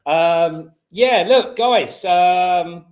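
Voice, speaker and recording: A man's voice: sits high, very slow. A man co-hosting a casual football podcast, talking in an easygoing, laid-back manner. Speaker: podcast co-host. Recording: roomy echoey sound.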